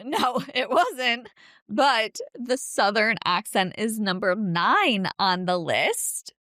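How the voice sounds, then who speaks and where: A woman's voice: medium pitch, lively intonation, slow pace, bright, forceful tone, no room sound, clean studio sound. A woman with a blended New York, Irish and London accent, co-hosting a podcast in casual, chatty talk and laughing often. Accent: mixed New York, Irish and London. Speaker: podcast co-host. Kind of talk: casual chat.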